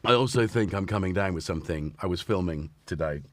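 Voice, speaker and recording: This fast-talking man with a deep voice runs a live synth stream, chatting in a rambling, self-deprecating way and making playful remarks to his cats. Fatigue and a slightly sore throat come through as he talks.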